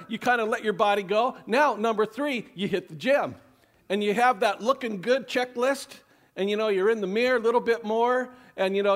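A man with a notably high voice preaches from the pulpit, leaning into sarcasm as he lays out mock advice. His delivery is emphatic and animated, broken up by his own laughter. He sounds middle-aged and plainly at home addressing his congregation. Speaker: pastor. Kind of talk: sermon.

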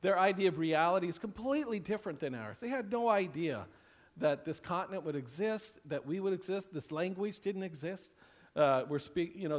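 A male pastor delivers a sermon to several campuses, rambling and repeating phrases with plenty of "you know" fillers. When he reads scripture, he slows down and his voice drops low.

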